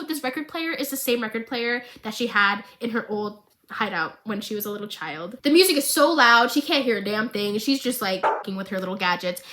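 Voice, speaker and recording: A woman's voice: on the high side, pushed and bright. A young woman giving a chatty, comedic recap of a show, swearing and cracking jokes at the characters. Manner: chatty, swears, makes fun of the characters, does funny voices for them. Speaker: recap vlogger.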